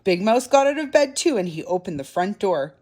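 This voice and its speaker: A woman reading a children's picture book aloud for a library storytime, soft and dramatic. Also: medium pitch, very animated, brisk.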